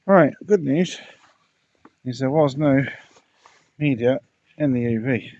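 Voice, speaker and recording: Outdoors, a pond keeper vlogger casually narrates his pond repairs, muttering and talking to himself while he works, out of breath. His voice is medium-pitched, slow and a little mellow, on dull lo-fi audio.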